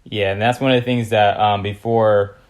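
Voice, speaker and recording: Young guy from california hosting a podcast, low voice, easygoing and slangy, lots of "you know". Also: steady tone, moderate pace. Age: young adult. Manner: laid-back, slangy, many fillers. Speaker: podcast host. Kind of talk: casual interview chat.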